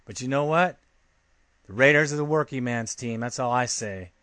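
A man's voice: medium pitch, normal speed, fairly bright tone, no echo. A man hosting a sports podcast, talking casually and brashly, heckling a writer in a fan-style rant. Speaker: podcast host.

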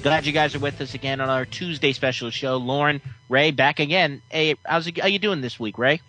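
A man's voice: fairly high pitch, brisk, bright, forceful tone, faint music behind, rough recording. Chatty male sports podcast host. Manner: chatty, teasing banter with callers. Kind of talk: casual sports chat.

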